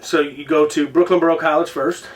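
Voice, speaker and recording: A man from Illinois with a somewhat high voice hosts a loose, casual conversation. He rambles and restarts his sentences and swears freely. He sits a little back from the microphone. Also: steady tone, a little fast, distant mic. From Illinois, United States. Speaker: podcast host. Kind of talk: casual interview chat. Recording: voice a bit off-mic.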